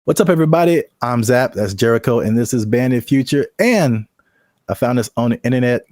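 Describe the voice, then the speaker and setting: A man's voice: medium pitch, expressive, darkish tone, dry recording, studio quality. A man co-hosting a podcast in casual chat, teasing his co-host and laughing easily. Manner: playful, teasing, quick to laugh.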